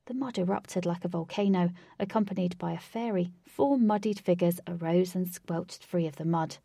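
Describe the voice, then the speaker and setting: Woman reading a storybook aloud, low-ish and gravelly, dry close sound. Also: moderate pace, hardly any pauses, dark tone, no echo. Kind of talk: storybook narration.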